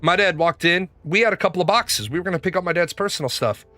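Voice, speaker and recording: A man's voice: sits high, quick pace, bright, forceful tone, no room sound, faint music behind. A man hosting a gaming show, telling stories in a casual, blunt and profane way, rambling as he goes. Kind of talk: casual livestream storytelling.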